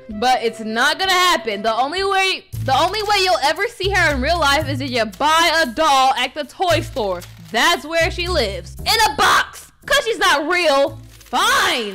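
A woman's voice: very high-pitched, pushed and bright. A woman narrating and acting a game role-play in a sassy, bossy, slangy way.

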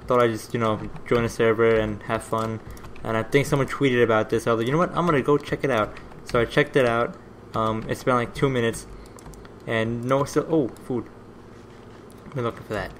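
A man hosting a gaming video, giving rambling let's play commentary that is easily excited and full of swearing. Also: medium pitch, normal speed, a little hiss or hum.

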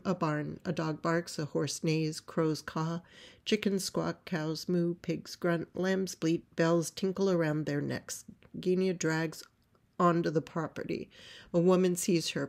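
A woman reading a play script aloud, describing stage directions in a measured way. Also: fairly low pitch, steady tone, gravelly. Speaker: playwright reading her script.

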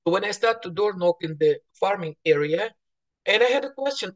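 A woman's voice: mid-range voice, animated, moderate pace, muffled recording. A woman real estate agent speaking to fellow agents in a morning voice, telling stories chattily with restarts and acted-out bits of dialogue. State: morning voice, clearing throat.

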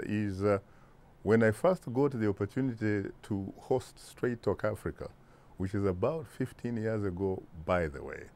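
A Ugandan-accented man in his sixties, answering interview questions in a deliberate, emphatic way with rhetorical asides. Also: on the low side, a little mellow. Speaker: interview guest, broadcast journalist.

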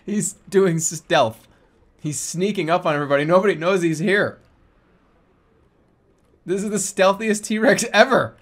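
A man streaming a video game, giving excitable live commentary and laughing often. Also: high-pitched, unhurried, pauses often.

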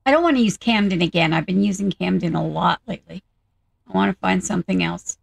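Gravelly-voiced woman thinking aloud. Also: lowish voice, no room sound, poor audio. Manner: thinking aloud, chatty and unhurried. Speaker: gaming video host. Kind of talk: casual game commentary.

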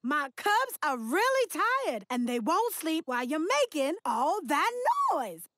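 A woman voicing a motherly female beaver in a children's cartoon, gentle and a little proud of her singing. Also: sits high, big pitch swings, unhurried, dry recording, clean studio sound, exaggerated voice. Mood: weary. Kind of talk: cartoon voice acting.

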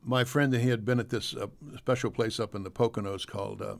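Gravelly older man telling stories. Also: lowish voice, a little fast. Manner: relaxed anecdotal storyteller. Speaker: guest actor. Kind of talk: casual radio talk.

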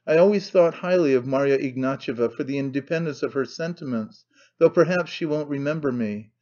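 A man's voice: mid-range voice, a little fast, warm tone, dull audio, close to an everyday voice. A man voicing a commanding middle-aged midwife who asks clipped, peremptory questions.

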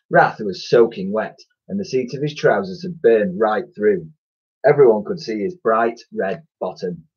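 Low, husky teacher reading a story. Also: male voice, mellow. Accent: English. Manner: chatty, with fillers and self-corrections. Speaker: primary school teacher. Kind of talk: reading a children's story aloud. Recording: dull lo-fi sound.

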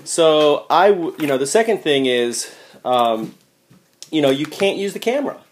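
Man with a somewhat high voice griping about a product, halting speech, faint hiss behind. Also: expressive. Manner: complaining, halting with fillers. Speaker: product reviewer.

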